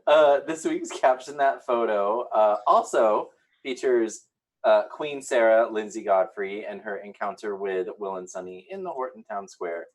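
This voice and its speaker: A man's voice: lowish voice, a little slow, poor audio. A man co-hosting a soap recap show, reading news and gossip in an upbeat way with some "uh"s. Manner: upbeat, animated delivery with filler "uh"s.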